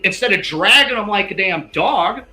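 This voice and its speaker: A man's voice: sits high, lively intonation, normal speed, bright, forceful tone. Fired-up man in an echoey room. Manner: emphatic, keeps tagging "all right". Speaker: investigative guest. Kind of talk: heated interview talk. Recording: echoey room with faint music.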